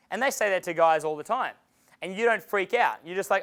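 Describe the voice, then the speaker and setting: High-voiced, energetic, profane male coach. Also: fairly quick, clean tone. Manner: energetic and profane, acting out quotes. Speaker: dating coach. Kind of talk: live seminar talk. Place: seminar room.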